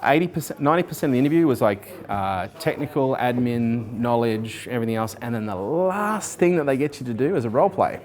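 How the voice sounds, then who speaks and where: A man in his forties, a guest in an interview, telling his life story casually, animated and swearing freely while acting out what others said. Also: mid-range voice, fast talker, few pauses. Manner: animated, swears freely, acts out quoted people.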